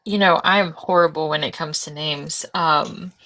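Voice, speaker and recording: A woman's voice: sits low, steady tone, moderate pace, bright, forceful tone. A woman author being interviewed in a casual chat, bubbly and self-deprecating, giggling often. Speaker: author and guest.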